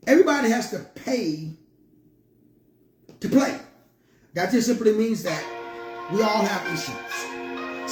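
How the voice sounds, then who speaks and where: A man's voice: sits high, a little mellow, echoey room. A man giving a motivational monologue in a preachy, playful way with slangy asides. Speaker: motivational speaker.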